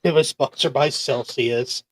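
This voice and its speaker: A man's voice: medium pitch, a little slow, slightly rough, dry recording. A man hosting a casual wrestling podcast, teasing his co-hosts and moving through the matches. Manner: laughing, teasing, runs the segments. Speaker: podcast host. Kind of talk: casual chat.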